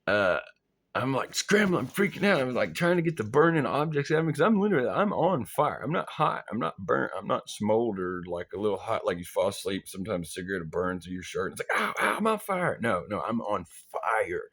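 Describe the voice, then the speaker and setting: A man's voice: fairly low pitch, expressive, fairly quick, fairly bright tone, breathy edge. A young man casually telling a wild story from his army days, laughing, swearing and acting out his own panicked thoughts. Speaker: vlogger.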